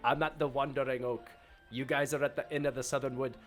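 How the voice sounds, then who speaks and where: A man's voice: medium pitch, flat delivery, fairly quick, soft background music. A man playing a tabletop game, chatty and joking as he describes his character's actions. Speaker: player. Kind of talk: casual tabletop role-play.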